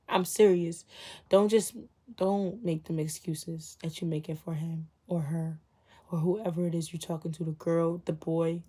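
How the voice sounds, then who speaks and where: A woman's voice: lowish voice, warm tone. Young woman preaching self-love to camera. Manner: emphatic, repetitive rhetorical questions; blunt and preachy, sometimes swearing. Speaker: vlogger. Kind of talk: motivational talk to camera.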